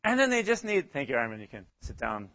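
A man's voice: medium pitch, very animated, quick pace, pushed and bright, muffled recording, slight background noise. A man leading a casual Bible study, talking hesitantly with frequent chuckles and acting out little quotes. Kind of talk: casual interactive Bible teaching.

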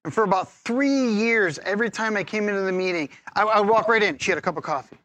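A man preaching a sermon as pastor, lively and humorous, teasing his congregation and laughing often. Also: high-pitched, fast, no echo.

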